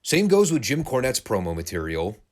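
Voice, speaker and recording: A man giving a casual recap of old wrestling shows, animated, laughing and swearing freely. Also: mid-range voice, normal speed. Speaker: wrestling show reviewer.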